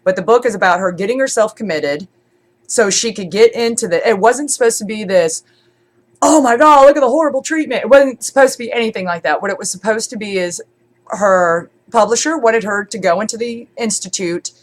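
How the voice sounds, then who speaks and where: A woman's voice: medium pitch, a little fast. A congested woman streamer chatting casually, rambling with many fillers and restarts. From born in Scotland, raised in Germany. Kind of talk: casual chat.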